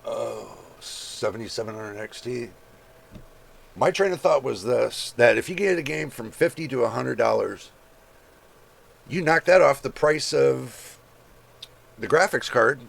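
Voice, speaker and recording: A man with a heavily gravelly, creaky voice at a middle pitch, talking loosely through a list of prices. He reads figures off the screen in a casual way and drops chatty asides to his viewers. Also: lively intonation, a little slow, long pauses. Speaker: channel host. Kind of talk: casual screen-share commentary.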